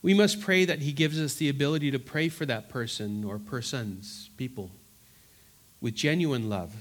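A man preaching an earnest Bible-teaching sermon, emphatic and repeating words for stress, then dropping to soft, pleading tones. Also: mid-range voice, moderate pace. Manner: swings from loud urgency to soft, quiet pleading.

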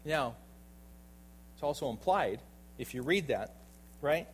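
A man preaching a sermon as pastor, emphatic and full of rhetorical questions, often checking in with his listeners by asking "right?". He swings between loud bursts and soft, low asides. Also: expressive, slow, pauses often, husky, rough recording.

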